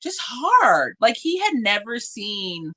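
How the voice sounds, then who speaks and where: A woman's voice: fairly high pitch, slow pace. A woman co-hosting a podcast, chatting casually and animatedly, acting out little quotes as she tells stories. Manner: animated storyteller, acts out quotes. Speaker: podcast co-host. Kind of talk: casual chat. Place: living in Japan.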